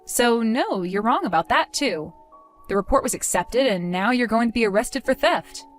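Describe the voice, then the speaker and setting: Calm, coldly accusing woman. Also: fairly high pitch, moderate pace, soft background music. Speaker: wronged fiancée telling her side. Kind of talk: dramatized story dialogue.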